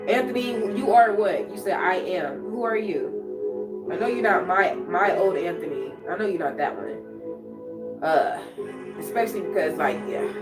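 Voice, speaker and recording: A woman's voice: on the low side, expressive, unhurried. A sick woman hosting a casual livestream at home, chatting and answering viewers' comments aloud. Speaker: livestream host. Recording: echoey room, far from mic, music playing.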